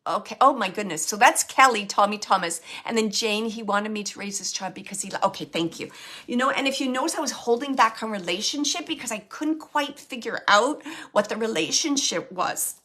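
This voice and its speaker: Bright-voiced woman medium, halting delivery. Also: a little high. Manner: halting, filler-heavy, relays spirit's words. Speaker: medium giving readings. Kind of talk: live mediumship reading to audience.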